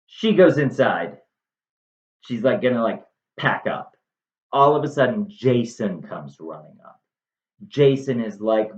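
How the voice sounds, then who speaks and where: A man's voice: mid-range voice, unhurried, long pauses. A man retelling an old tragedy in a casual, slangy way, full of asides. He takes his time and lingers on his words. The recording is dull and roomy. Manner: chatty, slangy, animated. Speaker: storyteller. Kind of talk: casual retelling of a classic play. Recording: dull echoey room.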